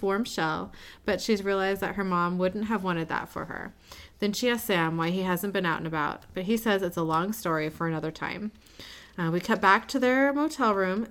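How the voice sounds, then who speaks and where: A woman talks through a TV episode with a co-host in easy, casual chat. She retells the scenes briskly, dropping quick quoted lines and laughing along. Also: mid-range voice. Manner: lively, laughing, quotes characters in quick asides. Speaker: podcast co-host recapping a TV episode.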